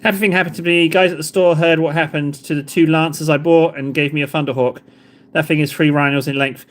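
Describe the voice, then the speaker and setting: A man's voice: fairly high pitch, fairly even intonation, fast. A man streamer chatting casually and rambling, mocking himself, who says f or t in place of th. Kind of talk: casual live-stream chat.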